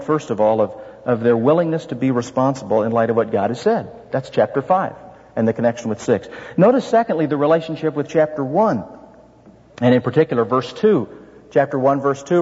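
A man's voice: medium pitch, a little mellow, slightly rough. A man preaching an expository sermon as pastor, earnest and full of rhetorical questions. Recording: dull reverberant hall sound.

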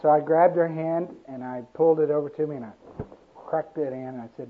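A man preaching a sermon, slow and emphatic, with a repetitive preaching cadence. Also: a little high, steady tone. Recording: tinny lo-fi sermon recording.

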